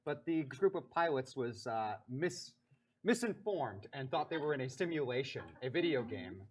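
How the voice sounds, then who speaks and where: A woman's voice: very deep voice, animated, moderate pace, slight background noise. A woman narrating a tabletop role-playing game as game master, in a descriptive, matter-of-fact storytelling manner.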